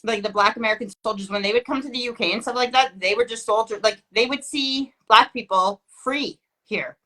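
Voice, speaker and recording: Bright-voiced Canadian woman rambling on. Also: on the high side, brisk. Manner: rambling, self-interrupting with many likes. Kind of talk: casual chat.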